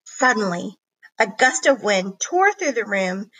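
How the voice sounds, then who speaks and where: A woman reading a children's chapter book aloud in an expressive storybook narration. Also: mid-range voice, a little slow, breathy edge, low-quality recording. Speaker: reader.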